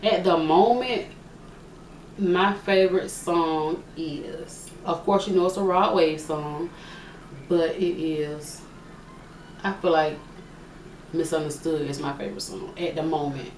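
A young woman with a low, slightly mellow voice answers questions for her vlog slowly, leaving long pauses as she thinks aloud, chatting and joking. The room is echoey, the mic sits at a distance, and there's a faint hiss.

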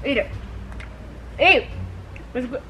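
A woman's voice: high voice, lively intonation, takes it slowly, fairly bright tone, faint music behind. A pregnant woman outdoors, teasing and nonchalantly insisting in casual prank video banter. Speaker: vlogger.

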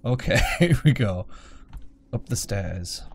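A man's voice: fairly low pitch, animated, takes it slowly, creaky, a little hiss or hum. Joking, sweary gamer man. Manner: joking, sweary and self-mocking. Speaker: let's play gamer. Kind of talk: casual gameplay commentary. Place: home room at his desk.

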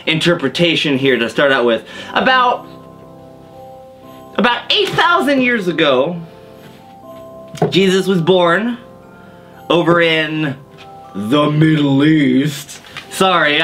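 A man's voice: high-pitched, bright, forceful tone. A man hosting a comedy history show as a mock expert, rambling and getting tipsy on wine as he goes. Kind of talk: deadpan comedic monologue.

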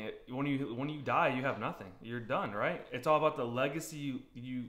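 A young adult man, a youth baseball coach hosting his own vlog, talking in a casual, rambling way. He speaks candidly, repeats himself and often clears his throat. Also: mid-range voice, a bit bright. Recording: roomy echoey room sound.

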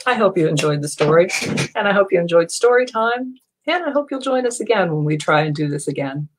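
A woman reading a children's picture book aloud at story time, gentle and friendly. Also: on the low side, lively intonation, brisk. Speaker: storytime reader.

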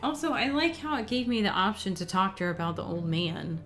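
A woman's voice: mid-range voice, lively intonation, fairly quick, a bit bright, soft background music. A woman commenting casually on a story game as she plays, blunt and swearing freely, and talking to her pet in between. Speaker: let's play gamer.

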